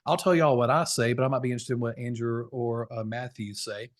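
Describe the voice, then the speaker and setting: A man's voice: medium pitch, fairly even intonation, fairly quick. A man around forty, coaching insurance sales over a video call in a folksy, fired-up, preachy way. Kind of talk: energetic webinar training talk.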